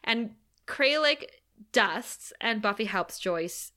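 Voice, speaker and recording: Bright-voiced woman retelling a TV episode. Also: slow. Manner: animated retelling, quoting characters in a lowered voice. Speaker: podcast co-host recapping a TV episode. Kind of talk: casual chat.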